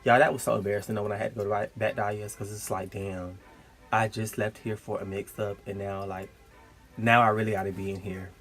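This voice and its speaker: A young man tells a personal story in a casual, slangy vlog style. He is animated and jumps into sharp, high-pitched bursts when he quotes himself. Faint music plays under his voice. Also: fast talker. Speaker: storytime vlogger.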